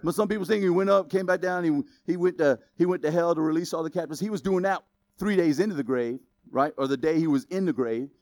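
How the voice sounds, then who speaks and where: A man preaching a sermon as pastor, in a casual, conversational way that builds up to loud exclamations. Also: fairly high pitch, fast talker, no room sound.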